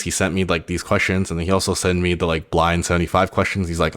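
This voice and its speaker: A man's voice: low voice, steady tone, fast, hardly any pauses, fairly bright tone. A young man casually telling a personal story on his vlog, rambling and filling nearly every phrase with "like". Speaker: vlogger.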